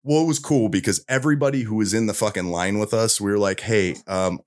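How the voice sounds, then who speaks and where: A man casually telling a long anecdote on a podcast, profane and animated, slipping into voices of the people he describes. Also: fairly low pitch, quick pace. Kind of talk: casual storytelling chat.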